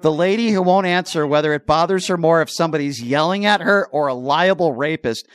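A man hosting a call-in radio show, loudly confronting a caller, sarcastic and repeating his questions. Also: on the high side, fairly quick, smooth, no echo, studio quality. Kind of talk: combative call-in radio talk. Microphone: studio microphone.

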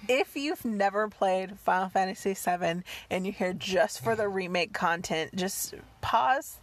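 A woman's voice: mid-range voice, unhurried. Dry, teasing woman podcast co-host. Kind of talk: casual chat.

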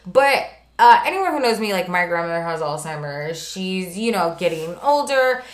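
A woman's voice: on the low side, sing-song, normal speed. A woman co-hosting a podcast who talks casually and with energy, swearing freely as she retells scenes. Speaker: podcast co-host. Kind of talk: casual chat. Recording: roomy echo.

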